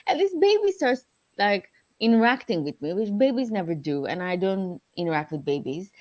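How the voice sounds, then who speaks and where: A woman's voice: mid-range voice, sing-song, moderate pace, a little mellow. A woman guest telling a personal story, with grammar slips of a non-native speaker.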